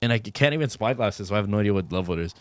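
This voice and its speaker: A man's voice: lowish voice, lively intonation, racing. A young man giving casual, rambling let's-play commentary with lots of fillers, still in his groggy morning voice. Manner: rambling, many fillers, easygoing. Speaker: gaming YouTuber.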